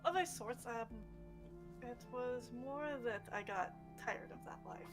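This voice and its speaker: A weary former navy ship's doctor, reserved and evasive, giving soft, hesitant answers, as a woman plays him in a high voice. Music plays clearly in the background of this tabletop game. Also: lively intonation, unhurried. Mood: guarded.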